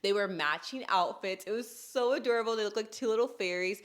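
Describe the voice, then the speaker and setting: A woman's voice: mid-range voice, fairly quick. A young woman from Texas hosting a podcast in casual chat, talking in a chatty way full of "like" and "you know what I mean.". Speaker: podcast host.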